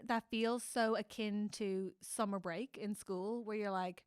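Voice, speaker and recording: A woman co-hosting a casual comedy podcast, talking with animated emotion. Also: medium pitch, a little slow, clear, resonant tone, dry recording, studio quality. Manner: animated, emotional, acts out characters' lines. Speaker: podcast co-host.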